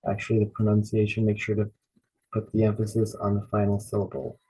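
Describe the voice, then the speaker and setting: A man teaching an online beginners' lesson in biblical Greek, slowly drilling each word by repeating it several times. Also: fairly low pitch, completely flat delivery, mellow, slightly rough, low-quality recording.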